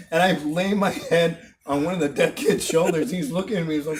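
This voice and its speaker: A man's voice: fairly high pitch, expressive, fairly quick, a crowd in the background. Young man telling stories, laughing. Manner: laughs often, acts out loud exclamations in his stories. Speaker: channel host telling stories. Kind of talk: casual storytelling among friends.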